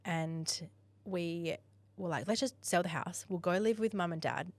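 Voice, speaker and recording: An Australian woman, a podcast guest, telling a story in a chatty, animated way and acting out the dialogue. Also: fairly low pitch, a little slow, no room sound. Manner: chatty, animated, acts out dialogue, laughs often. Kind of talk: casual storytelling in a podcast interview.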